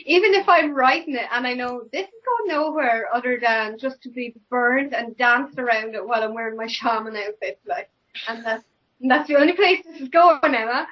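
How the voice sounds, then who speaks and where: A high-pitched woman hosts a casual interview, blunt and jokey with plenty of swearing. The recording sounds a bit muffled. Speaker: podcast host.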